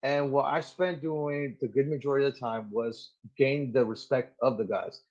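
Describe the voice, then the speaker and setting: Animated, profane Marine man telling stories. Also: medium pitch, normal speed, muffled recording. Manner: animated, swears freely, acts out quoted people. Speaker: Marine gunnery sergeant, podcast guest. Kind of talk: casual interview storytelling.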